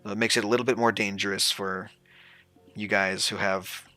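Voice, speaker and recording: A man acting as game master, explaining the rules in a relaxed, rambling way. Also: fairly low pitch, normal speed, faint music behind.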